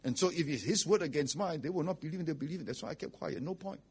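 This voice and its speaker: A man's voice: a little high, expressive, rapid-fire, darkish tone, husky. A man preaching a sermon as pastor, blunt and rhetorical, often asking "okay?" and "right?".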